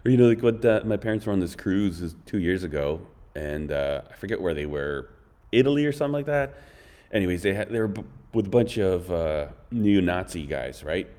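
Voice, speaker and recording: A man's voice: low-pitched, expressive, a little fast, warm tone. A man telling blunt, rambling stories in a casual chat, full of harsh opinions. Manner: rambling, blunt, opinionated, fond of mocking impressions.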